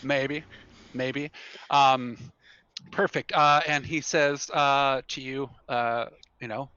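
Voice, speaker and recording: A man's voice: mid-range voice, fairly even intonation, slow pace, bright, forceful tone, smooth, dry recording, dull audio. A man narrating as game master in a rambling way, full of fillers and frequent laughter.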